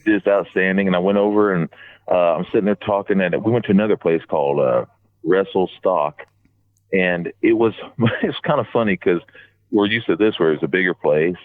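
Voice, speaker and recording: Deep-voiced man on a tinny phone line. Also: moderate pace, no room sound. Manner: rambling anecdotes with many restarts. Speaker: podcast regular recounting a fan convention trip. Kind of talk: casual phone-in storytelling.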